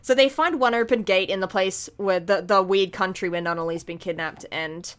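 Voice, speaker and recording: A woman's voice: mid-range voice, clean tone. A woman co-hosting a podcast, retelling scenes in a rambling, casual way full of fillers. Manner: rambling, filler-heavy retelling with quick acted quotes. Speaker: podcast co-host. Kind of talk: casual chat.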